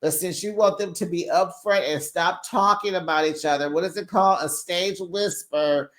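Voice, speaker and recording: A lively recap host, mid-pitched, chatting through a reality show episode. The host scolds the cast directly and jumps into short put-on voices to act out their lines. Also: normal speed. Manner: animated, talks straight to the show's cast. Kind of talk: casual commentary.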